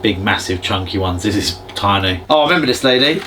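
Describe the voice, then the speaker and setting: A man's voice: fairly low pitch, expressive, quick pace, pushed and bright. Jeweller guy talking through prices, chatty, explains everything step by step, bit of background noise. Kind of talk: casual explaining to camera and customer. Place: jewellery shop.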